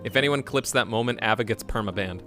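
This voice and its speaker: A young adult man streaming a game, chatting playfully with his viewers and breaking into sudden loud shouts. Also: on the low side, quick pace, music in the background. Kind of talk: casual live-stream chat.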